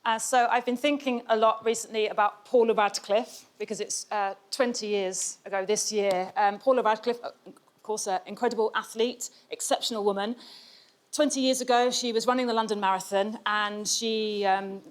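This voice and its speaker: A woman's voice: medium pitch, steady tone, moderate pace. A woman doing a stand-up set on a comedy show, chatty, giggly and self-deprecating.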